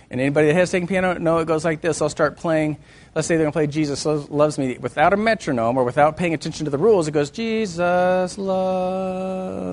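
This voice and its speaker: A middle-aged man leads a church music lesson in a fairly high voice. He talks with lively energy, joking with his listeners and breaking into sung and hummed examples to make his point. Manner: animated, sings and hums examples, jokes with the class. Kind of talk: teaching a class on music and faith.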